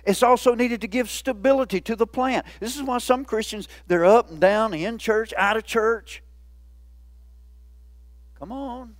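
Folksy, high-voiced man preaching. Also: dry recording. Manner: folksy, playful, laughs often. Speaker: pastor. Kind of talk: sermon. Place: church.

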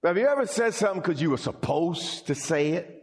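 A man preaching a sermon, playful and animated, acting out quotes and joking with the congregation. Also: a little high, brisk.

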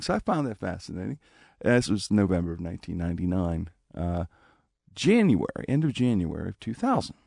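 A man with a low, gravelly voice tells a personal story in a relaxed, conversational way. His pitch rises and falls widely as he acts out the lines of the people in it, and the recording is dry and close. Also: a little fast, no echo. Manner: animated, acts out quoted speech with big pitch jumps. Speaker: guest telling a personal story. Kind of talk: casual spoken storytelling.

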